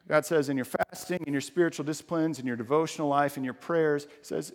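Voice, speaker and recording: A man preaches to his congregation, talking plainly and then building to forceful, emphatic lines. His voice sits a little high for a man. A long reverb from the hall trails each phrase. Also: fast, few pauses. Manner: conversational preaching, rising to emphatic outbursts. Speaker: pastor. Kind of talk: sermon.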